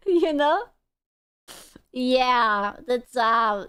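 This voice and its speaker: Brief: streamer woman, crisp and dry, crude teasing banter. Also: on the high side, lively intonation, slow, a bit bright, dry recording. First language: Hungarian. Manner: crude, teasing, swears freely. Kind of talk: casual stream chat.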